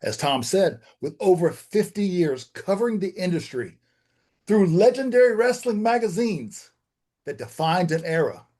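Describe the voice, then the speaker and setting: Man, co-host, grand formal intro, high voice. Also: big pitch swings, moderate pace, a little mellow. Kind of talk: announcer-style introduction.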